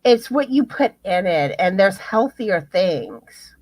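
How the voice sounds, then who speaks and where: A woman's voice: mid-range voice, sing-song, slow pace, a little mellow, no room sound. A woman co-hosting a casual live chat, rambling with many fillers and restarts. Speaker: co-host.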